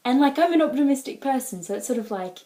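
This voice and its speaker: With a high, warm and animated voice, an Australian exchange student rattles through a personal vlog at a quick pace. She chats and rambles to the camera, peppering it with "like" and "um."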